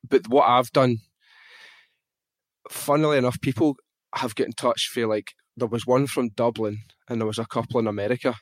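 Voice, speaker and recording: On a podcast, a male guest with a Glaswegian Scottish accent tells a personal story in casual conversation, animated and frank, swearing freely. His mid-range voice moves at a moderate pace, with no room sound in the recording.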